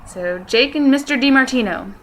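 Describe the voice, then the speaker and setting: A woman's voice: high-pitched, expressive, moderate pace, a little hiss or hum, low-quality recording. A young woman chatting casually in a vlog, rambling with lots of fillers and poking fun at herself. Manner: self-deprecating. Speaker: vlogger. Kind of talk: casual chat.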